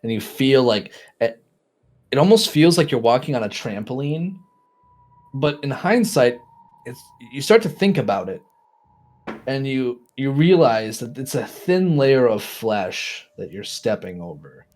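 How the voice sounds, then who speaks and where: A man narrating as game master of a tabletop horror game, halting with fillers and restarts. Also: mid-range voice, very animated, darkish tone.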